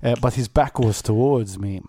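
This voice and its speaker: A man's voice: mid-range voice, normal speed, mellow. A man from Malta co-hosting a podcast, telling a funny story in casual chat and often repeating words as he thinks. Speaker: podcast co-host.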